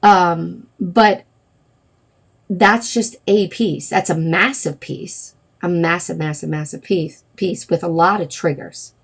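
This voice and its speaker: A middle-aged woman with a fairly low voice hosts a wellness livestream. She talks casually and rambles, often stopping to correct herself and filling gaps with "um" and "you know.". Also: slow pace, creaky, husky. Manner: rambling, with many fillers and self-corrections. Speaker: wellness practitioner hosting a livestream.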